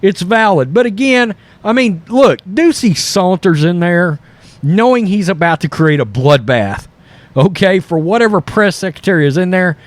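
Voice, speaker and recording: A man hosting political commentary over news clips, animated and mocking, often mimicking the people he quotes. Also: sits high, moderate pace, dry recording. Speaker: commentary host.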